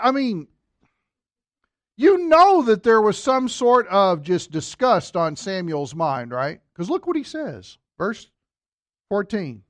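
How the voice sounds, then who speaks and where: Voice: mid-range voice, sing-song, slow, pauses often, dry recording. Joking, chatty Bible teacher with dry sound. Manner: joking asides, addresses listeners directly.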